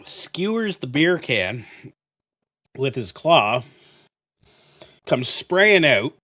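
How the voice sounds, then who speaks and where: Male game host, casual rambling storyteller, salty language, mid-pitched. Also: very animated, extremely slow, sharp tone. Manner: rambling, profane, heavy use of fillers. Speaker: gaming channel host. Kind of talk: casual storytelling while playing.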